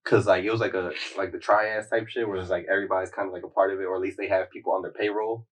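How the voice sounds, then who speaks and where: A man's voice: sits low, little pitch movement, racing, distant mic. A man hosting a podcast, casually retelling a story in a slangy, rambling way with lots of "like.". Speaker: podcast host.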